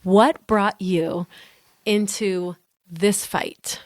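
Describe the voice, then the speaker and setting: A woman's voice: medium pitch, steady tone, very slow, no room sound. A woman co-hosting a podcast, chatty and lightly teasing in casual conversation. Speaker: podcast co-host.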